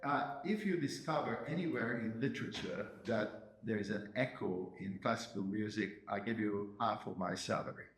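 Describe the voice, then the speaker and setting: A man's voice: lowish voice, moderate pace, hardly any pauses, fairly bright tone. A man with a Hungarian accent coaching a pianist in a masterclass, emphatic and checking in with "yes?". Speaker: piano teacher giving a masterclass. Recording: roomy hall with piano playing.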